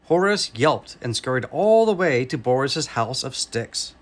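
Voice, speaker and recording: A man with an American accent reading a children's story aloud in a slow, expressive way. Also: mid-range voice.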